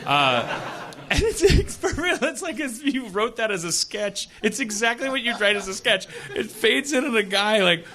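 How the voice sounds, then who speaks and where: High-voiced man telling a rambling story. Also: very animated, normal speed, sharp tone. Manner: rambling, laughing as he tells. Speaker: podcast host. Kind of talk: comedic storytelling chat. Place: stage before a live audience. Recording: live show with audience.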